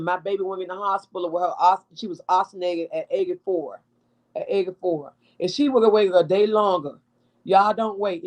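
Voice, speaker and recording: A middle-aged woman, speaking emotionally and bluntly about her sick daughter, close to tears. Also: mid-range voice. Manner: raw, tearful, blunt, profane. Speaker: mother of a hospitalized daughter, guest. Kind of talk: emotional personal testimony.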